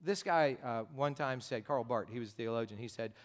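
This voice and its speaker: A man's voice: medium pitch, fairly quick. A pastor preaching a sermon in a direct, conversational way, driving his points home with emphatic repetition. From United States.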